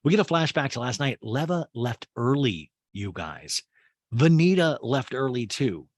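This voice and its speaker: A man's voice: medium pitch, lively intonation, measured pace, no room sound, studio quality. A young man casually recapping a reality show, chatty and sarcastic, poking fun at the cast. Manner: chatty, sarcastic, mocks the cast with quoted asides.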